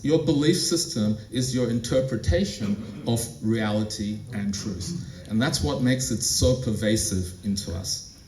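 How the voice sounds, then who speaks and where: A man's voice: mid-range voice, a little hiss or hum. A man presenting at a conference, talking in a conversational storytelling way and asking the audience questions. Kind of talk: conference talk. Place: conference room. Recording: roomy, distant mic.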